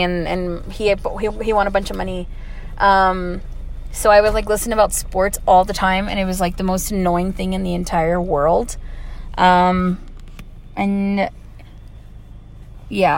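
Young woman in her twenties, chatty vlogger, filler-heavy rambling storytelling, mid pitch. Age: 20s. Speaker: audio vlogger. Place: on the way home from work.

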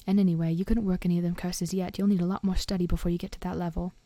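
A woman voicing a big, gruff but kindly male gamekeeper with a blunt way of talking in a storybook reading. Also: lowish voice, flat delivery, very fast, warm tone, dry recording, close to an everyday voice.

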